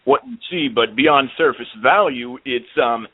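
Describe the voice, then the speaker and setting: A man's voice: mid-range voice, animated, a little slow. A man hosting an internet radio show, chatting casually and hesitantly with lots of fillers. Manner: hesitant, many ums and you-knows. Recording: tinny phone-like line.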